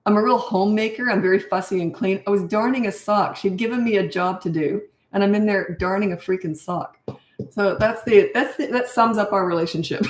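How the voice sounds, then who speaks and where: A woman's voice: mid-range voice, fast talker, roomy sound. An older woman and parenting coach answering viewer questions in a frank, blunt, self-mocking way.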